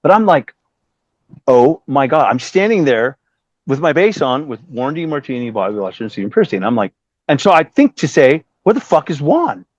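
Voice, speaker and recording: Brisk and echo-free, a guest musician in his fifties tells an animated story in a relaxed interview, swearing often. He imitates other people's words with large pitch leaps, captured in dry, dull, lo-fi audio.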